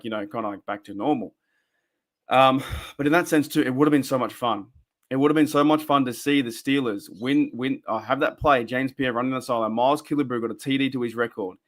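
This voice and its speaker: Talking into a desk mic at medium pitch, this Australian fan podcast host runs a casual live stream. He tends to ramble and get worked up, pausing now and then to respond to his chat.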